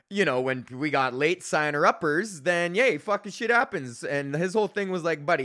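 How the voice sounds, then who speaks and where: A young man, hosting a podcast in a casual, profane rant, animated and mocking the people he quotes. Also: a little high. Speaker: podcast host.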